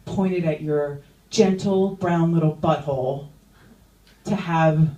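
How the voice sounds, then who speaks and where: A woman's voice: deep voice, takes it slowly. Woman doing stand-up in a roomy club. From Iran. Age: young adult. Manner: animated, crude, quotes people in exaggerated voices. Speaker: stand-up comedian. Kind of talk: stand-up set. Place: comedy club stage. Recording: roomy club sound from a distance.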